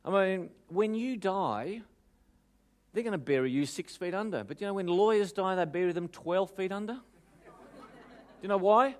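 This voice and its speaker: Australian male speaker, lively joke-teller, fairly high voice. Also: normal speed, long pauses. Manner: lively joke-telling, audience questions. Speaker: motivational speaker. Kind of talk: live motivational talk with jokes.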